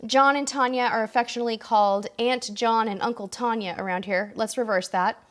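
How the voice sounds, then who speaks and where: A woman's voice: fairly high pitch, steady tone, a little fast. A woman hosting a casual live question-and-answer stream, reading viewer comments aloud and answering them, tired and losing her voice.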